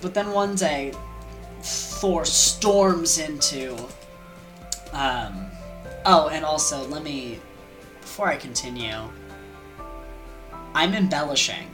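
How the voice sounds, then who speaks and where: A woman's voice: low-pitched, animated, takes it slowly, pauses often, music in the background. A woman casually retelling an old myth, rambling with fillers, asides and slang. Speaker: storyteller.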